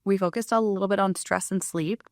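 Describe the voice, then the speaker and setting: A woman's voice: medium pitch, steady tone, brisk, no echo, studio quality. A woman health practitioner giving a frank, casual talk to camera about women's health. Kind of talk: direct-to-camera health teaching.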